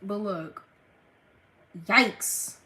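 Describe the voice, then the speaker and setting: A young Gulf Coast woman with a Southern American accent livestreams, chatting bluntly and in slang with her viewers and laughing often. Her medium-pitched voice is pushed and bright, and she talks extremely slowly. The room is echoey and the mic sits at a distance.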